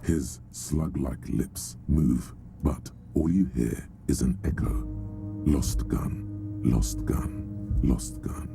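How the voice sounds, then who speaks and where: A man's voice: very deep voice, slow, vocal fry, heavily acted. A man voicing the mocking inner-voice narrator of a detective video game, over music. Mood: sardonic. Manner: dry, sardonic narration.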